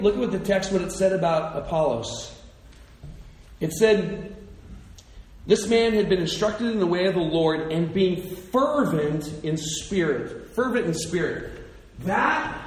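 A man preaching a sermon, animated and playful, speaking directly to his listeners. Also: high-pitched. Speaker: pastor. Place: church hall. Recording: echoey hall with faint room noise.

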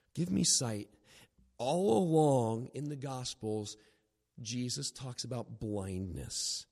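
A man's voice: fairly high pitch, vocal fry, in a large hall. A man preaching a sermon in an earnest, emphatic way. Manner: earnest, emphatic preaching, acts out quoted voices. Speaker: pastor.

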